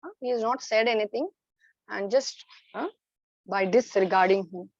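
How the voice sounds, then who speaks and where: A woman's voice: medium pitch, normal speed, a little mellow, dry recording, lo-fi sound. A woman teacher telling a story to children in an online class, hesitant with many fillers.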